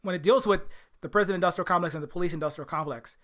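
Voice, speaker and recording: A man's voice: high voice, racing, a bit bright. A man from Hawaii giving casual, rambling political commentary as a channel host. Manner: rambling, many restarts and fillers.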